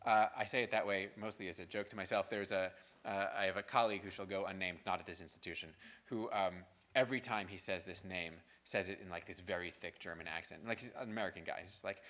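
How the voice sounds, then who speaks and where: A man lecturing a class in an easygoing, chatty manner, his pitch rising and falling as he talks. He keeps tossing in "right?" and "um" while he works through his points. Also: steady tone, fast, a bit bright. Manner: conversational, frequent "right?" and fillers. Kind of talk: university lecture. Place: lecture hall.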